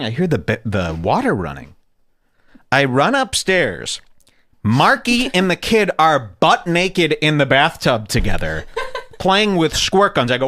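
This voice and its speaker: A man's voice: a little high, huge pitch swings, measured pace, a bit bright, no echo. A young man hosting a podcast, telling crude comedic stories in casual chat and slipping into silly voices. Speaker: podcast host.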